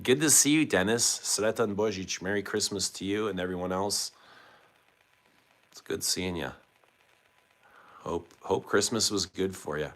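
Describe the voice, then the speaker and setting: Deep-voiced man hosting a chatty livestream. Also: fairly bright tone. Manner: chatty, asks viewers questions. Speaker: livestream host. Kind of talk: casual livestream chat reading comments.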